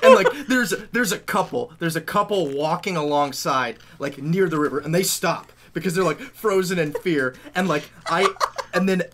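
A man's voice: a little high, animated, moderate pace, a bit bright. A young man co-hosting a podcast, chiming in and laughing in casual chat. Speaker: podcast co-host.

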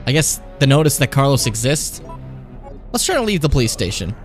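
A man's voice: mid-range voice, very animated, fairly quick, faint music behind. A young man playing a horror game on stream, chatting casually, swearing a lot and taunting the enemy. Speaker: let's play streamer.

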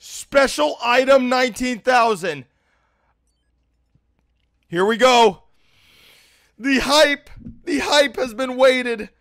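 A young man with a lisp doing live gameplay commentary, who swings between low muttering and loud, swearing rage outbursts. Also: slow pace, pauses often, dry recording. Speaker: gaming streamer.

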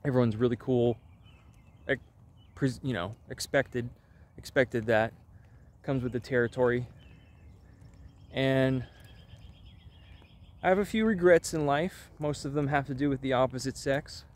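A man's voice: medium pitch, fairly even intonation, unhurried, pauses often, darkish tone. A man hosting his own channel in a casual, rambling vlog chat with wry, offhand asides. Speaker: channel host.

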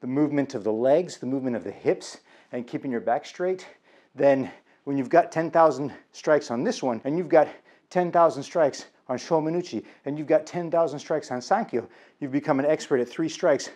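Male aikido instructor, energetic and encouraging, slightly high and warm-toned. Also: moderate pace. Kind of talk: instructional vlog.

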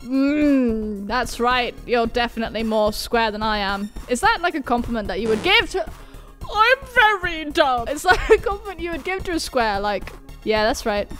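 A woman doing excitable, self-mocking let's-play commentary, swearing and yelping as she plays. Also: a little high, moderate pace, few pauses, faint music behind. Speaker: gaming YouTuber.

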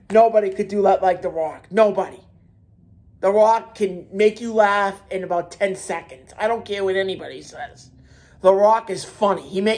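Talking alone on his wrestling commentary channel, a man with a high-pitched, darkish voice delivers a heated opinion rant. He's emphatic, goes back over his points, and keeps restarting words.

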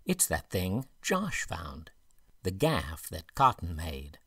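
A calm teenage boy, as a man reads him in an audiobook, speaking softly and coaxingly. The voice sits low and a little husky. The sound is close and dry. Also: takes it slowly, dry recording, full character voice. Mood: urgent. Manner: soft, coaxing.

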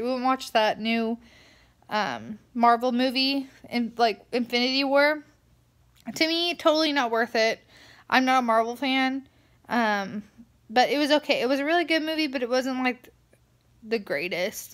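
A young woman talks straight to her camera in a loose, rambling vlog, sounding tired. Her voice sits a little high, and she strings thoughts together with constant fillers. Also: fairly bright tone. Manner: chatty, rambling, lots of "like" fillers. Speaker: vlogger. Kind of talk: casual vlog rant.

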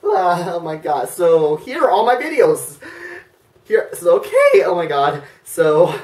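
A woman vlogging in a casual, excitable and nervous way, full of exclamations. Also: fairly low pitch, unhurried, far from the mic. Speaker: YouTuber. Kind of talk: casual vlog reaction. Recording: echoey room, voice off-mic.

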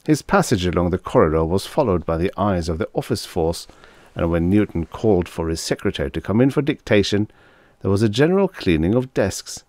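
Man reading a sci-fi audiobook, very low voice, dry close sound, steady pace. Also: dry recording. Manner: even, measured reading. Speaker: audiobook narrator. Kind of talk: scripted narration.

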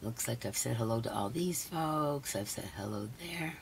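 A hoarse woman hosting a casual live stream. She chats along and greets each viewer by name. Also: very deep voice, animated, moderate pace, slight background noise. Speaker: livestream host.

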